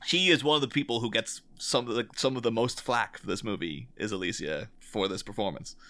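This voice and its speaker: A man's voice: fairly low pitch, a little fast, sharp tone. A man hosting a podcast in casual chat, asking his guests questions and steering the talk. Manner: inquisitive, guiding the talk. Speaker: podcast host.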